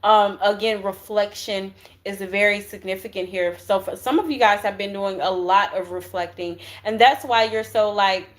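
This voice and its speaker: A woman's voice: mid-range voice, normal speed. A woman talks through a spiritual tarot reading in a loose, conversational way. She speaks in a mid-range voice, keeps checking in with her listeners and drops slang and curse words freely. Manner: chatty and slangy, with frequent "right?" and cussing. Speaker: tarot reader.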